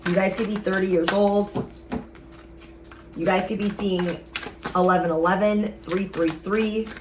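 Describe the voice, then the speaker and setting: A woman's voice: medium pitch, steady tone, measured pace, noisy background. A woman giving a casual tarot reading, speaking straight to her viewers in an emphatic, sassy way. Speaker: tarot reader.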